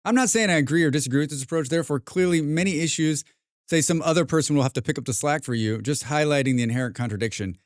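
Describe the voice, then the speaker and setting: A man's voice: fairly high pitch, fast talker, no room sound, studio quality. Rambling, profane American man streamer. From United States. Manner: rambling, profane, self-mocking. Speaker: game streamer. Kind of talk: casual chat while streaming.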